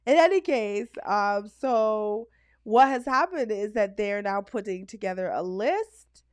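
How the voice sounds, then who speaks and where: A woman co-hosting a podcast in casual chat, playful and quick to laugh as she tells stories. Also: mid-range voice, no echo. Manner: playful, laughs often, animated storytelling. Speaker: podcast co-host.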